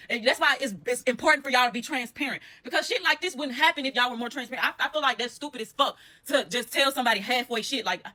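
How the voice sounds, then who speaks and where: A woman with a fairly high, sharp, bright voice rattles off a personal story at a very quick clip. She talks bluntly and profanely, animated and direct with her viewers. It is a casual storytime monologue.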